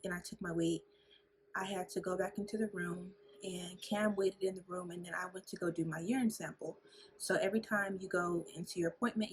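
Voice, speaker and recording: A young woman talking candidly to her camera at home, telling a personal story with lots of fillers, while a fan and men playing a video game are heard behind her. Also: fairly low pitch. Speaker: vlogger. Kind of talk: casual chat. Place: at home indoors. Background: fan noise and men playing a video game.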